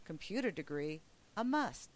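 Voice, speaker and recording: A woman's voice: on the low side, sing-song, moderate pace. A woman presenting a teacher training webinar, upbeat and emphatic as she walks through slides. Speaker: professional development trainer.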